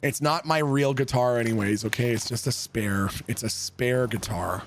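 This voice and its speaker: A young man streaming a game, telling a story in a loose, animated way and swearing freely. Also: mid-range voice, moderate pace, a little hiss or hum. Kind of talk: casual storytelling while gaming.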